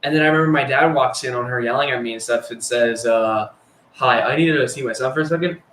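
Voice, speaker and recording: A man's voice: mid-range voice, quick pace, fairly bright tone, slight background noise. Rambling, profane young man in an echoey room. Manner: rambling, profane, filler-heavy. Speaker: storyteller. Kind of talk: casual storytelling.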